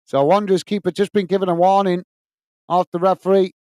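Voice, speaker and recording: A man from England with a high, smooth, clear voice calls a football match for a live fan stream. He reads viewer comments aloud between passages of play and cheers on his side. The sound is close and dry, with no room around it. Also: little pitch movement, a little fast, darkish tone, dry recording. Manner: chatty, reads out viewer comments, partisan for his own team. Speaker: watch-along host and commentator.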